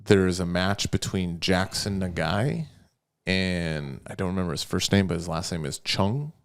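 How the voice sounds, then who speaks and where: A man's voice: low voice, moderate pace, gravelly, smooth. A man co-hosting a podcast, talking casually and animatedly about matches, joking and rambling. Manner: animated, jokey, rambling storyteller. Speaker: podcast co-host. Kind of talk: casual chat.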